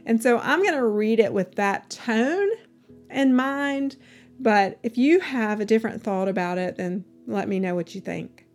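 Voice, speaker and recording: A woman reads scripture aloud at a slow, deliberate pace, her voice sitting a little higher than most. She keeps a measured, unhurried delivery and pauses now and then for short reflections. Soft music plays faintly behind her. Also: lively intonation. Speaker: scripture reader. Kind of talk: devotional Bible reading.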